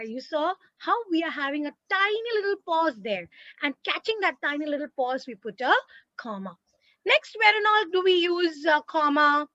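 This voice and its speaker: A woman teacher with an Indian English accent, giving an online lesson in a lively, emphatic way and repeating words for stress. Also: high voice, unhurried, no echo, lo-fi sound.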